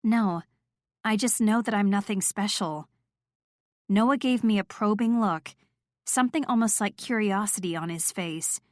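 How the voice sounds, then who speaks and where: A woman narrating a first-person romance audiobook in a steady, clear storytelling voice. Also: mid-range voice, unhurried, dry recording, clean studio sound.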